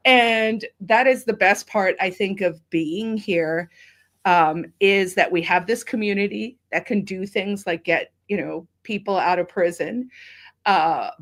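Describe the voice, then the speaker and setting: A woman's voice: mid-range voice, a little slow. Woman from South Africa, podcast guest, chatty and emotional, teary and tired. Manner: chatty, emotional, laughs often. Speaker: guest, activist. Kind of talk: casual podcast chat.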